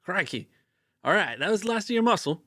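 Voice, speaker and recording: A man voicing a gruff road warrior who bargains with an enemy, in a put-on Australian accent that he knows is bad. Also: expressive, fairly quick, dry recording, studio quality, exaggerated voice. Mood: bold bargaining. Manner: loud, high-pitched, self-consciously hammy.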